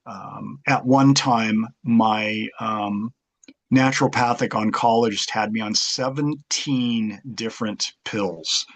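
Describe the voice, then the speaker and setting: Husky guy rambling thru stories, lots of ums and restarts. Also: lowish voice. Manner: rambling storyteller, halting with fillers and restarts. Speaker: guest martial arts author. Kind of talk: casual interview chat.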